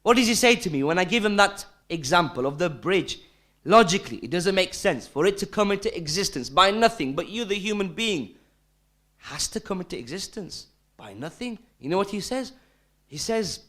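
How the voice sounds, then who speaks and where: A man teaching a religious lesson, his voice rising and falling a great deal as he presses rhetorical questions. His pitch sits a little high for a man, and he repeats phrases for emphasis. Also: very animated, measured pace, fairly bright tone. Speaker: Islamic teacher. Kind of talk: recorded Islamic lesson.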